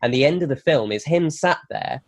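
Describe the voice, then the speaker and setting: On a comedy podcast, a guest pitches a film plot, spinning it as a lively, fast-moving story and performing the quoted lines himself.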